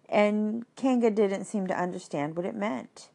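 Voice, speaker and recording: A woman reading a children's story aloud, unhurried, with asides to the listener. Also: mid-range voice, dark tone.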